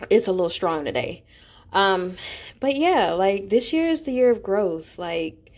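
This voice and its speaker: A woman vlogger chatting casually, excited and rambling, with slang and lots of fillers. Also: fairly low pitch. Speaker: crystal vlogger. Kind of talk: casual chat to camera.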